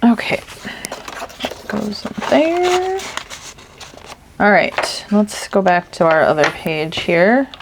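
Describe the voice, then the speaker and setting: A woman's voice: mid-range voice, sing-song, takes it slowly, pauses often, noisy background. A woman hosting a crafting video, chatting casually and thinking aloud as she works, with a tickle in her throat. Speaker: crafting channel host.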